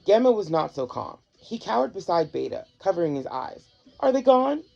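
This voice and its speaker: Gravelly, husky storybook reader. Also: mid-range voice, a little fast. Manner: expressive, animated narration. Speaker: host reading storybooks. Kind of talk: storybook read-aloud. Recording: dull lo-fi with faint music.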